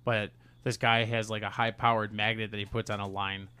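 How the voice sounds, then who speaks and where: A man's voice: on the low side, flat delivery, brisk, sharp tone, clear, resonant tone. A man co-hosting a podcast in casual chat, rambling and joking. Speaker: podcast co-host.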